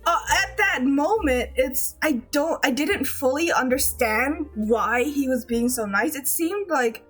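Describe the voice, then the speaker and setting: High-voiced woman gushing excitedly. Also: unhurried, soft background music. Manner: gushing, giggly, rambling with many restarts. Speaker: streamer. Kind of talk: casual chat recapping a game.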